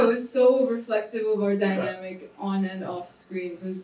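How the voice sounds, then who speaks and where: A woman actor who grew up in India, telling lively stories during a panel Q&A at a screening. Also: mid-range voice, normal speed, over a noisy crowd. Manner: animated storytelling with laughs. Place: private screening venue. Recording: roomy hall, far from mic.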